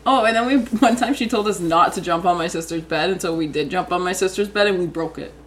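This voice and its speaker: A woman's voice: fairly low pitch, fast. Young woman, casual storytelling, giggly and rambling, faint background hiss.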